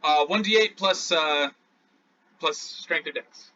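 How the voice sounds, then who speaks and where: Casting: male game master, slow and lively, bright husky voice, dull lo-fi audio. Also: on the high side. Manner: slow, animated narration. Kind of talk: narrating a tabletop game.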